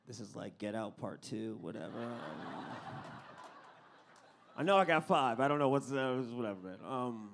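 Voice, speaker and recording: A man's voice: mid-range voice, measured pace, pauses often, slight background noise. A man from New York City doing a conversational stand-up comedy set live on stage at a club. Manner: animated, conversational with the crowd.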